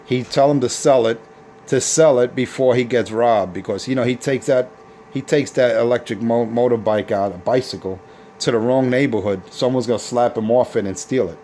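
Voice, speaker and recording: A man's voice: medium pitch, moderate pace, warm tone, a little hiss or hum. A man on a CB radio taunting rival operators in a boastful, repetitive way. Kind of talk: trash-talking radio banter.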